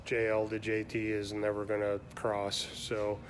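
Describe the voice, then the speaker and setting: A man talks casually on his weekly live stream, loose and rambling, often stopping to hunt for words. His delivery is slow and fairly monotone. A faint hum of room noise sits behind him. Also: on the low side. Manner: relaxed, rambling, many ums. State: has the hiccups. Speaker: shop owner hosting a weekly live stream.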